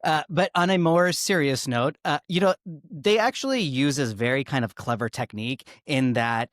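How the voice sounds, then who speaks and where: A man speaking on a casual panel, animated and rambling, often repeating words as he builds his point. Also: a little high, normal speed, no room sound, clean studio sound.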